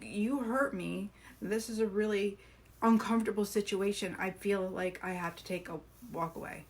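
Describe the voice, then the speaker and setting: A woman's voice: mid-range voice, fairly bright tone. A woman hosting a live coaching stream, talking earnestly and encouragingly, asking her viewers questions.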